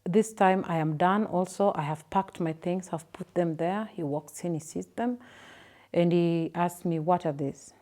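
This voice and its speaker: A Kenyan woman in her thirties, telling her own story to an interviewer in a soft, halting way with repeated words and fillers. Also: lowish voice. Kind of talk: personal testimony in an interview.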